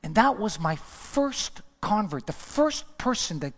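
A man preaching a sermon, telling a personal story in a lively way and jumping his voice up when he acts out what he said. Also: sits high, a little slow. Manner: animated storytelling, voice jumps up when acting out his own words. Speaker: pastor. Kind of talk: sermon testimony. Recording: long hall reverb.

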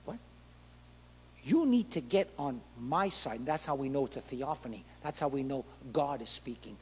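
A man's voice: on the high side, expressive, moderate pace, husky, in a large hall. A male pastor preaching a passionate sermon, acting out prayers and dialogue with rising intensity.

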